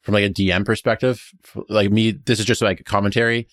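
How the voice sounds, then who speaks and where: A man's voice: fairly low pitch, level tone, quick pace, fairly bright tone, dry recording, studio quality. A man playing in a tabletop game, chatting casually in a rambling, enthusiastic way with many restarts. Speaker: player.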